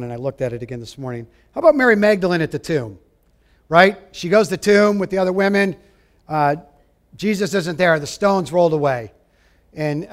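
A man preaching a sermon, emphatic, asking his listeners direct questions and dropping to a hush at times. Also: a little high. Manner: emphatic, rising and falling, drops to a hush for quoted lines; asks the audience direct questions.

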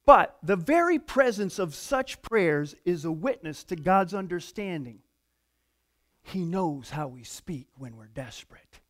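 Animated preacher, lively high voice. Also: male voice, measured pace. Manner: conversational and animated, swinging from hushed to loud. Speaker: pastor. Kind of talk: sermon.

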